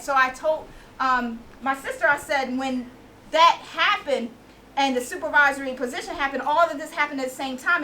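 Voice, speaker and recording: A woman in her late forties sharing an animated, laughing testimony at a women's conference. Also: high voice. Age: 40s. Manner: animated storytelling, laughing and exclaiming. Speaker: inspirational speaker. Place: conference venue with a small audience. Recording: distant mic with faint audience and room noise.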